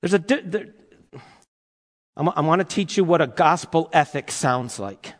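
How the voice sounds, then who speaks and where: A man preaching a sermon to his congregation in an animated, playful way, asking them rhetorical questions. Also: on the high side, normal speed. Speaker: pastor. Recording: long hall reverb.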